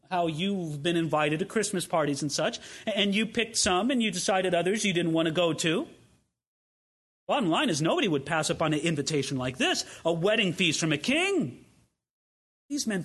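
Animated high-pitched male preacher. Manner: animated, acts out voices of listeners and the king. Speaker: pastor. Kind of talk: sermon.

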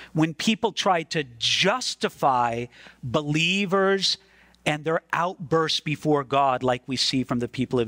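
A man's voice: on the high side, a bit bright, dry recording. A man preaching a sermon as pastor, earnest and emphatic, repeating words as he stresses a point.

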